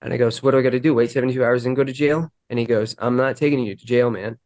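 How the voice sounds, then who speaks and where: Man, earnest, halting storyteller, quotes dialogue, middle pitch, dry sound. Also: fairly even intonation, darkish tone, no room sound. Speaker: guest telling his recovery story. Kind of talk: candid personal storytelling.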